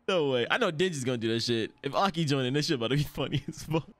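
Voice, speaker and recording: A man's voice: medium pitch, very fast, no echo. A man hosting an anime reaction, talking in casual slang with frequent laughs and swearing. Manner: excitable, laughs often, heavy slang and swearing.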